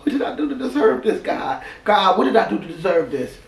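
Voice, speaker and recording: A man's voice: high voice, big pitch swings, a little fast. A man with an Ohio accent unboxing fan mail in a vlog, emotional and exclaiming, repeating himself. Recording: echoey room, distant mic, background noise.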